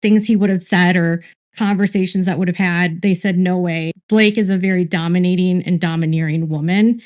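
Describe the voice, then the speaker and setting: Woman commentator in a played clip, recounts gossip from sources, slow and repetitive. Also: fairly low pitch, steady tone, a little mellow. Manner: lists traits slowly, repeats words for emphasis. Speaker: online commentator.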